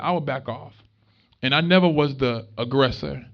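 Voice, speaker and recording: A young man giving a motivational talk to students, telling stories in an animated, conversational way with street slang. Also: mid-range voice, normal speed, creaky. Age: young adult. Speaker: motivational speaker. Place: room with a live student audience. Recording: dull lo-fi recording.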